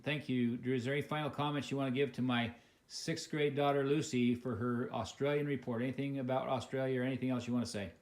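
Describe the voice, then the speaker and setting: An American man interviewing a friend in a home for a casual home video, speaking haltingly with many fillers and restarts. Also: mid-range voice, fairly even intonation. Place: living room of a home.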